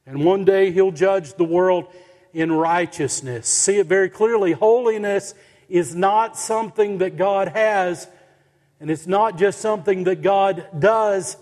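A man preaching a sermon as pastor, slow and emphatic, with dramatic pauses and rising stresses on key words. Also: high voice, a little mellow, big-room sound. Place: church sanctuary.

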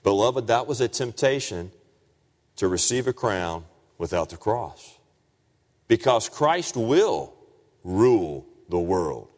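A man preaching a sermon, dropping low and quiet, then rising loud and high for emphasis. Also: very animated, slow, pauses often. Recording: long reverb of a large hall.

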